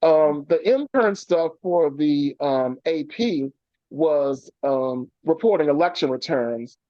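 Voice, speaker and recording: A man's voice: fairly high pitch, expressive, takes it slowly, no room sound. A man, a journalist and activist, telling long anecdotes with many fillers in a remote radio interview over a video call. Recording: dull lo-fi call audio.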